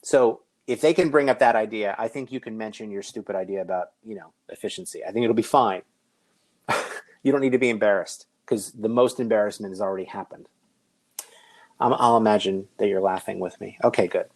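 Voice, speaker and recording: A man's voice: lowish voice, fairly quick. A middle-aged man giving a conference keynote, conversational with joking asides. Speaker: conference speaker. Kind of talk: keynote presentation.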